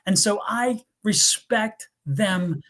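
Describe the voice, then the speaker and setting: A man from the US East Coast co-hosting a live tarot stream, chatting in an animated, rambling storytelling way. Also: high voice, takes it slowly. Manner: animated, rambling storyteller who laughs often. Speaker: tarot reader co-host. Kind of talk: casual live-stream chat.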